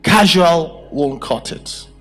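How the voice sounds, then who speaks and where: A man's voice: fairly high pitch, slow, fairly bright tone, soft background music. A man preaching a sermon at a church service, emphatic and full of rhetorical questions. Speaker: pastor.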